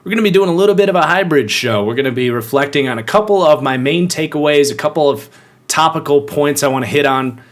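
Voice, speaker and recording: A man's voice: on the high side, expressive, fast talker. A young man hosting a live football podcast, chatting casually and greeting viewers by name. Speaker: podcast host.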